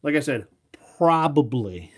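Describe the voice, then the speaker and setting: A man's voice: on the high side, lively intonation, measured pace, husky. Regular guy rambling thru a toy review, lots of ums, jokey and loose. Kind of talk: casual video review.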